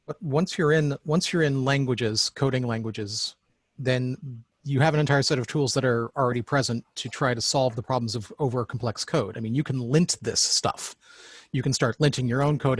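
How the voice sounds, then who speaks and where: A man joining a technical webinar discussion, speaking in an animated, emphatic way. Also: mid-range voice, normal speed, no echo, clean studio sound.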